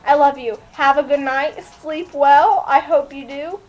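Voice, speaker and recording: A woman's voice: high-pitched, fairly even intonation, unhurried, muffled recording. A woman recording a hyper, giggly, gushing webcam message to a friend on a built-in webcam mic.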